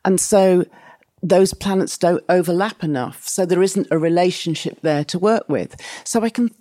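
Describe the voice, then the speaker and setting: A woman psychotherapist explaining parenting ideas in a relaxed interview, with an animated way of talking. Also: lowish voice, moderate pace, no echo, clean studio sound. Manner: animated, acts out children's and parents' voices in quotes. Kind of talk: conversational podcast interview.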